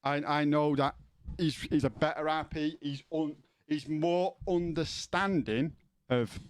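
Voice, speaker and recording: A man's voice: fairly high pitch, steady tone, unhurried, smooth, no room sound, studio quality. A man streaming from home, chatting casually with his viewers, rambling and swearing, often stumbling as he starts a sentence. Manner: sweary, rambling, repeats words when starting.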